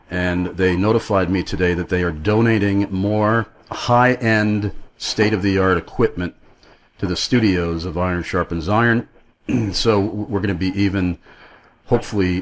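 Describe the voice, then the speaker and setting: A man's voice: low voice, slight background noise. A man hosting a Christian talk radio show, chatting earnestly and rambling a little with fillers. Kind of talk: friendly talk radio chat.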